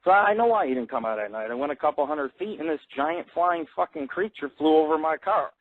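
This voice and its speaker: A man's voice: fairly high pitch, animated, brisk. A man hosting his own internet radio show, telling loose, profane stories full of fillers. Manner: loose, crude storytelling with many fillers. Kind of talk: rambling profane monologue. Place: Las Vegas. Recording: tinny phone-like lo-fi audio.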